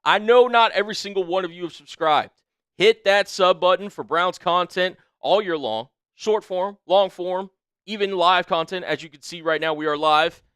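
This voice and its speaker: An upbeat man co-hosting a sports live stream, shouting out viewers and pushing them to subscribe. His voice sits a little high for a man and sounds clean and smooth, with a dry close-mic sound. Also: moderate pace, no echo. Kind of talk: casual live-stream chat.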